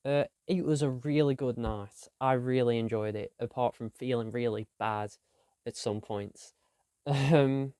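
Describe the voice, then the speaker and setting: A man's voice: medium pitch, steady tone, unhurried, warm tone, smooth, no echo, studio quality. A young man, chatting casually about his week in a rambling, self-deprecating diary vlog. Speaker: vlogger.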